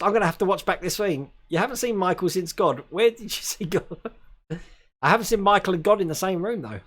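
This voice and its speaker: A man's voice: high voice, lively intonation, fairly quick, a bit bright. A man in his forties from England, hosting a live stream and chatting casually while reading viewer comments, laughing often. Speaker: host.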